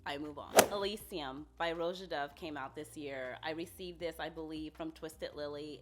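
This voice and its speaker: A woman's voice: low-pitched, moderate pace, hardly any pauses. A woman reviewing fragrances in a casual vlog, gushing and talking straight to her viewers.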